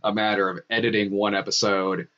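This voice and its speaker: Low-voiced man in casual chat. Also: level tone, brisk, lo-fi sound. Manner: rambling, many fillers and restarts. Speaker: host. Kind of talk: casual live-stream chat. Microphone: video call.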